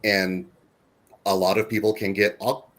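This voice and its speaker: Man, low voice, candid panel moderator, earnest, repeats himself for emphasis. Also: flat delivery, unhurried, fairly bright tone. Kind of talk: casual panel discussion.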